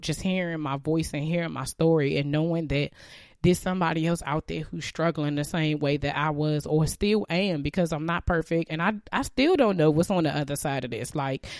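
A woman's voice: low-pitched, darkish tone, dry recording, clean studio sound. A woman in her thirties sharing a heartfelt, reflective personal faith testimony about leaving her job.

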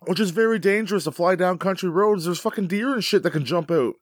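A man's voice: high voice, fast talker, no echo, studio quality. A man chatting casually about a film, wry and swearing freely. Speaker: podcast co-host. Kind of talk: casual chat.

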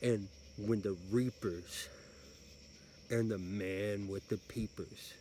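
A man's voice: lowish voice, steady tone, slow pace, mellow, a little hiss or hum. A man cutting an aggressive, profane, threatening wrestling trash-talk promo. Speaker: amateur wrestling promo performer.

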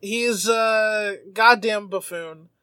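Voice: mid-range voice, fairly even intonation, very slow, crowd noise. A podcast host recapping an episode in casual comedic chat, jumping into silly character voices as the story goes.

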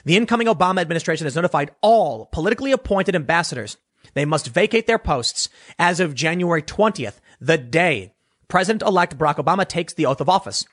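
A man's voice: fairly high pitch, expressive, fast talker, fairly bright tone. A man giving blunt, sarcastic political commentary, reading news clippings aloud and often correcting himself mid-sentence.

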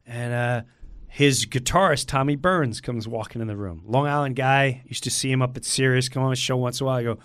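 A middle-aged man telling a story in a lively way, acting out the lines of the people in it. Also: mid-range voice, brisk, clean tone, no room sound, clean studio sound. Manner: acts out other people's lines in quoted voices. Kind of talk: animated storytelling.

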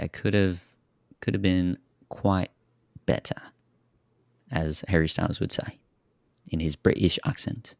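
A man with a very low, gravelly voice hosts a film-review podcast. He talks in a measured, methodical way. The sound is close and dry, with no room around him. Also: darkish tone, no echo. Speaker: podcast host. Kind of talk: casual film review chat.

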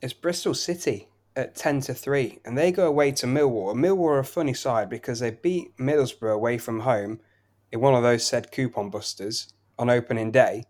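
Brisk man running through betting picks. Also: medium pitch, a little mellow. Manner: brisk, listing results and prices in flowing runs. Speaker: betting podcast co-host. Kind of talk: casual betting tips chat.

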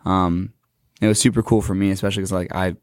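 A young man who works in children's ministry, casually recapping a trip on a talk show in a relaxed, filler-heavy way. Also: low-pitched, quick pace, dry recording.

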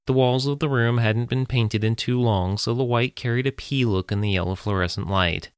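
A man reading a story aloud as narrator, in a steady, even manner. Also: medium pitch, normal speed, smooth, dry recording, studio quality.

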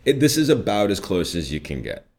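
Deep-voiced Midwestern man in his 30s, voice coach type, lively anecdotal chat. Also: brisk. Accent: slight Midwestern. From US Midwest, Chicago northwest suburbs. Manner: animated storyteller, jumps high for quoted voices, laughs often. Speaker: voice actor and coach. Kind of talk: casual interview chat.

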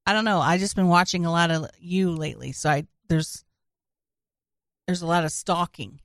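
A woman co-hosting a casual podcast, laughing and teasing with quick asides. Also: fairly low pitch, a bit bright, dry recording, clean studio sound. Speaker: podcast co-host.

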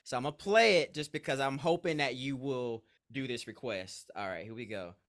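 A man's voice: mid-range voice, a little fast, fairly bright tone. A man guesting on a podcast as interviewer, teasing the host and hurrying through set-ups. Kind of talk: casual podcast chat.

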